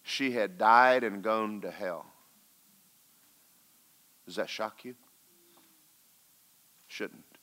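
A man preaching a sermon as a pastor, telling a personal story and swinging between loud, urgent exhortation and hushed, quiet recounting. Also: on the low side, extremely slow, long pauses.

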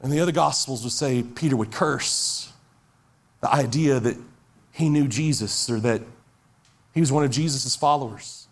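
A man's voice: medium pitch, normal speed, long pauses. A man in his forties, a pastor preaching an earnest, emphatic sermon that repeats its key phrases. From Texas.

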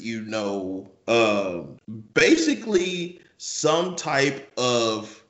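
A man's voice: mid-range voice, a bit bright. Rambling man in a dull roomy recording. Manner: rambling, repeats words, builds hypotheticals. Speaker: podcast co-host. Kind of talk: casual podcast chat.

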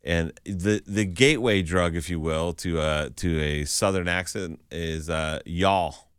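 Male radio co-host, Western Massachusetts accent, laughing often, lowish smooth voice, dry studio sound. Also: a little slow, dry recording. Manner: laughing often, animated storytelling. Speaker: radio morning show co-host. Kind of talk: casual radio banter.

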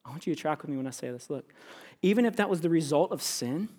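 A man's voice: on the high side, quick pace. A pastor preaching a sermon, speaking straight to his congregation and slipping into the voices of the people in his story. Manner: animated, addresses congregation directly, acts out biblical characters.

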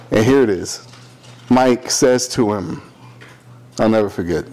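A man's voice: medium pitch, takes it slowly, clean tone. A man telling a work story in casual chat, swearing often and acting out the quotes in raised voices. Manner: profane, animated, acts out quotes in raised voices.

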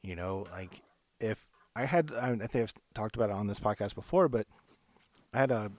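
A man with a lowish voice co-hosts a faith podcast. He talks earnestly and rambles, restarting his sentences often. The sound is dry and close, with no room echo. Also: animated, moderate pace, darkish tone. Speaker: podcast co-host. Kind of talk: casual faith podcast chat.

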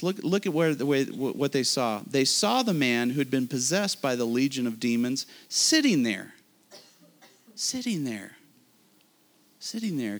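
A man preaching a sermon, animated and speaking directly to his listeners. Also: on the high side. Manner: animated preaching with asides to the audience. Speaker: pastor.

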